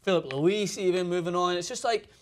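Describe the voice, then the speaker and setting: Man, fast talker, somewhat high voice, opinionated football co-host. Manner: opinionated, quick, thinks aloud with fillers. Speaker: sports show co-host. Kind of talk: casual football analysis chat.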